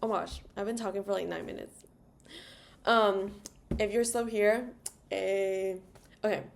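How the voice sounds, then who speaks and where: There is a little hiss or hum as a young travel vlogger tells her story a little slowly, in a creaky, medium-pitched voice with fairly even intonation. Casual and rambling, she fills her chatty talk with "like" and small asides, singing "la la" to herself.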